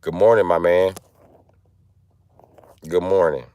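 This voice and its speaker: A man's voice: sits low, steady tone, slow pace, dark tone, smooth, no echo. A man chatting casually on a phone livestream, joking loosely and answering viewers.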